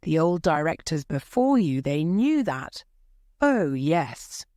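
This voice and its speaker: A woman's voice: deep voice, sing-song, slow, a little mellow, no room sound, clean studio sound, exaggerated voice. A woman voicing a fearless, scornful woman doorkeeper who talks knowingly about a ghost, in a storybook reading.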